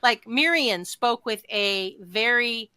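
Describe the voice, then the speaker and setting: A woman's voice: on the high side, slow pace, sharp tone, clean tone, no room sound. A woman co-hosting a podcast, chatting frankly and matter-of-factly. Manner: frank, blunt, matter-of-fact. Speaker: podcast co-host. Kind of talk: casual chat about roleplay.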